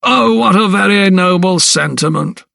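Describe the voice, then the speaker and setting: A man's voice: mid-range voice, lively intonation, gravelly, bright, forceful tone, slightly rough, no echo, clean studio sound, far from the mic, exaggerated voice. A man voicing a sneering, ruthless old lawyer. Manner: slow, scornful, mocking. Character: sneering, ruthless male lawyer, older gentleman.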